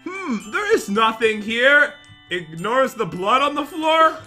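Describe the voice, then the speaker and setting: A man co-hosting a game video, joking excitably and laughing a lot. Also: extremely high pitch, slow pace, soft background music. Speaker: co-host of a gaming video. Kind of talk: casual let's-play chat.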